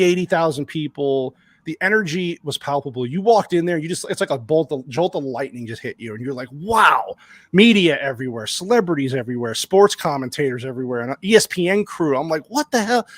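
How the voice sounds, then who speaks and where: A man guesting on a podcast, telling an excited, rambling anecdote with lots of restarts. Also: fairly high pitch, dry recording. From lives in Arizona. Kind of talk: casual storytelling on a podcast.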